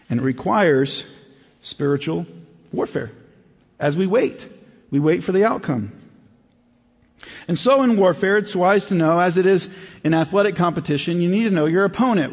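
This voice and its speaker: A man preaching a sermon as pastor, in a conversational way that drops low and quiet for emphasis. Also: slightly rough, in a large hall.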